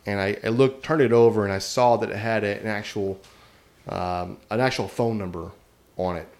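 A man's voice: on the low side, fairly even intonation, normal speed, darkish tone. Rambling man telling a prank story. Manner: rambling, self-amused, many restarts and "like". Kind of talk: casual storytelling.

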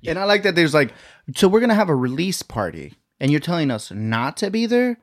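A man's voice: fairly high pitch, big pitch swings, a little fast. A man in casual chat who chimes in and quotes characters from a film.

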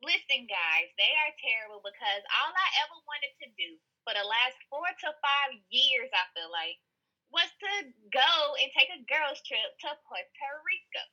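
A woman's voice: high-pitched, expressive, normal speed, pushed and bright, rough recording. A woman in her thirties co-hosting a podcast, chatting casually and telling stories with dramatic, teasing flair. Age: 30s. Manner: dramatic, swearing, playful teasing. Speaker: podcast co-host. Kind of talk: casual chat.

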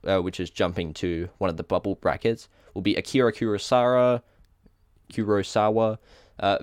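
With a clean, lowish tone and studio-quality sound free of room noise, an Australian man co-hosts a relaxed podcast. He reads a list aloud, stumbling over hard names and briefly correcting himself.

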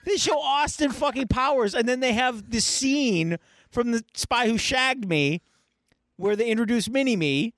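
A man co-hosting a podcast, retelling a movie in an animated, profane, casual chat. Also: very high voice, moderate pace, no echo, studio quality. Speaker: podcast co-host.

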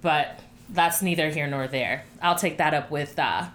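A woman from Miami co-hosting a casual chat show, telling a story in a chatty, expressive way. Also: sits low, measured pace, background noise. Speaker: podcast co-host.

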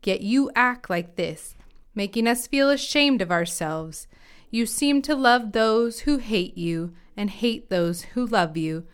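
A woman voicing a stern male army commander, blunt and scolding, in her own plain and very clear reading voice. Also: a little high, animated, slow.

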